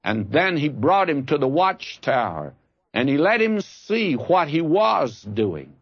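A man's voice: fairly high pitch, sing-song, takes it slowly, slightly rough, no room sound, muffled recording. A man preaching a sermon, telling a personal story in a folksy, earnest way and rising to fervent appeals to his listeners. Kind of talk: radio Bible sermon.

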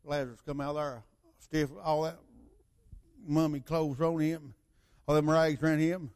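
Preaching in a fairly high, slightly mellow voice, an older man keeps a steady tone and measured pace. His storytelling is loose, packed with asides and rhetorical questions for the congregation.

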